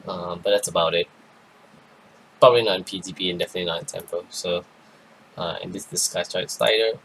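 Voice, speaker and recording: A man giving a rambling, casual card game review, tired and yawning, with many pauses and restarts. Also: sits low, fairly even intonation, vocal fry, fairly bright tone, slight background noise, poor audio. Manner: rambling, lots of ums and restarts. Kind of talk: casual commentary.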